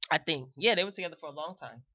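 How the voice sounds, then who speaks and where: A woman's voice: deep voice, very fast, bright, forceful tone, slightly rough, no room sound, muffled recording. Emphatic woman hosting a chatty show. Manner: emphatic, repeats phrases for emphasis; chatty, addresses viewers directly. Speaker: host. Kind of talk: live online commentary show.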